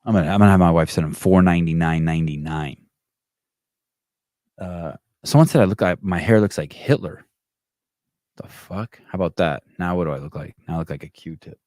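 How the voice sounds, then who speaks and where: A man's voice: deep voice, fairly quick, darkish tone, no echo, clean studio sound. A man hosting a podcast livestream in a rambling, wry way, swearing freely. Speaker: podcast host. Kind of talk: casual livestream chat.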